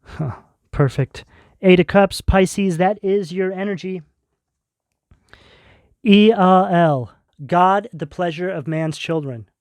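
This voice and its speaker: A man giving a tarot reading video, speaking in slow, emphatic, intense declarations. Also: sits high, no room sound. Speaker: tarot reader.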